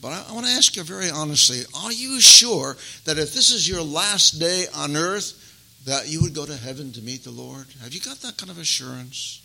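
An older male pastor delivering a sermon in a very bright, somewhat high voice. He talks emphatically and folksily, calling listeners beloved and swinging between strong stresses and quiet asides. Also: expressive, normal speed, creaky, rough recording.

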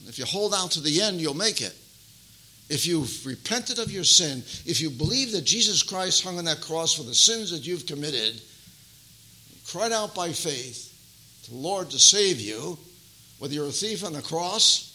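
An older male pastor delivering a sermon in a very bright, somewhat high voice. He talks emphatically and folksily, calling listeners beloved and swinging between strong stresses and quiet asides. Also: poor audio.

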